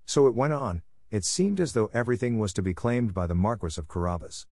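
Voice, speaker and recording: A man narrating a fairy tale in a steady, even storytelling manner, close to the mic. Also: on the low side, brisk, no room sound. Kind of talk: scripted audiobook narration.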